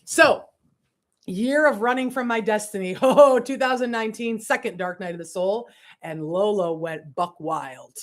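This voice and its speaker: A woman spiritual coach giving a candid livestream monologue, laughing and swearing, swinging between hushed asides and emphatic bursts. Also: mid-range voice, moderate pace.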